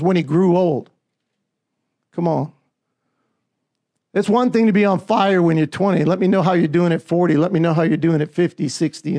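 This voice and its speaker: A man preaching a fervent sermon in a strikingly high voice. He reads scripture aloud and keeps urging his listeners with call-outs, often climbing toward a shout. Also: creaky. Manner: emphatic, call-and-response fillers, often rising to near-shouting.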